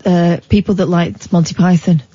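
A man co-hosting late-night radio, answering the host in a calm, dry way. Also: high voice, moderate pace, slightly rough, no room sound. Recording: dull lo-fi radio studio sound.

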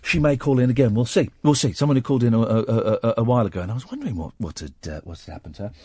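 A man hosts a late-night phone-in radio show, talking casually but rambling and halting, with many restarts, while nursing a sore throat from a cold. His mid-range voice is darkish and husky. The studio microphone gives clean sound with no echo.

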